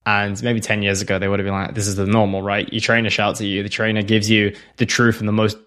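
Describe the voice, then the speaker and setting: A man's voice: on the low side, little pitch movement, quick pace, a bit bright. A man hosting a podcast, asking long, thoughtful questions in a casual interview. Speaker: podcast host.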